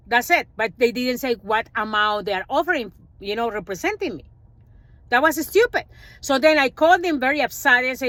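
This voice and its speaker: A woman speaking English as a second language, her first being Spanish, telling an animated personal finance story in a casual vlog and acting out what others said. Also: fairly high pitch, a little fast, no room sound. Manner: animated storytelling, acts out quoted dialogue, non-native grammar.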